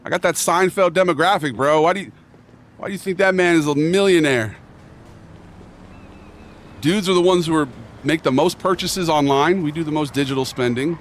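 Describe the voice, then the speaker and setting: A man's voice: a little high, moderate pace, a little hiss or hum. A man streaming a game, chatting casually in a rambling, joking bro manner with mock earnestness. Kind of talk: casual chat while playing a game.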